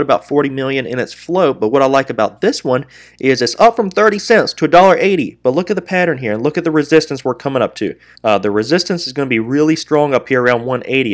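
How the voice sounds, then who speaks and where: A man in the middle of live day trading commentary, speaking in a voice of ordinary pitch and talking straight to his viewers. He keeps calling them traders and guys, walks through his trades as he makes them, and is quick to scold himself out loud when he misses his own plan. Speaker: day trader and channel host.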